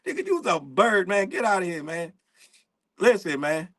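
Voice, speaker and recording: High-voiced man ranting, profane. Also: normal speed. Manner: profane, animated, laughs between points. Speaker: show host. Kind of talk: casual commentary rant.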